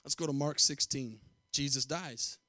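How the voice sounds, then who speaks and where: A male pastor preaching a sermon with emphatic repetition, calling out to the congregation and swinging from hushed tones to loud declarations. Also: medium pitch, measured pace, no echo, studio quality.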